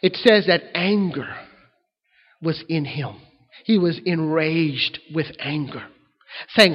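Male pastor, high voice, preaching in a sanctuary with long hall reverb; emphatic swells, quiet asides. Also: lively intonation, slow, long pauses, slightly rough, dull audio. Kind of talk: sermon.

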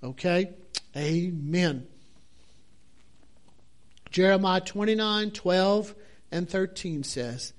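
Give me a high-pitched man preaching a fervent sermon, slow and drawn out.

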